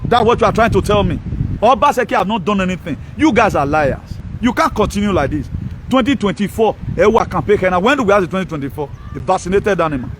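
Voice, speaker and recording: Animated and quick, this man's high voice carries over background noise as he delivers a political monologue. The Nigerian social media commentator mocks and scorns his targets combatively, breaking into frequent laughs.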